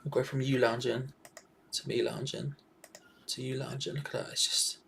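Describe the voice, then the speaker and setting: A man's voice: mid-range voice, flat delivery, moderate pace, gravelly, a bit bright, a little hiss or hum. A young man co-hosting a casual live fan watch-along, laid-back and joking, laughing often.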